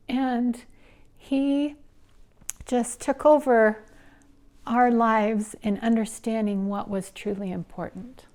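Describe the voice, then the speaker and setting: A middle-aged woman telling her personal story in an earnest, emotional way, her voice going soft and breathy at the tender moments. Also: on the high side. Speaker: interviewee, nonprofit founder and mother. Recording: soft music underneath.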